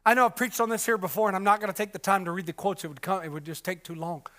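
A man preaching a sermon with passion, repeating himself and restarting often, moving between loud cries and hushed murmurs. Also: sits high, steady tone, rapid-fire. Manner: repetitive, restarts with many fillers.

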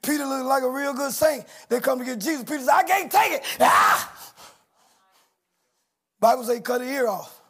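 A man preaching a sermon, shouting and acting out quoted voices with call-and-response. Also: very high-pitched, normal speed, long pauses, breathy edge.

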